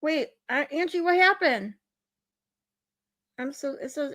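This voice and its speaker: Woman, livestream host, casual chat, exasperated, ranting, higher voice. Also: expressive, unhurried, a bit bright. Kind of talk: casual chat reading viewer comments.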